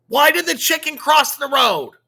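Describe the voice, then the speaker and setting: A male teacher voicing a distressed teenage girl who blurts out jokes and repeats phrases in a much higher voice. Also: moderate pace, pushed and bright. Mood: blurting. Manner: repetitive, high-pitched outbursts.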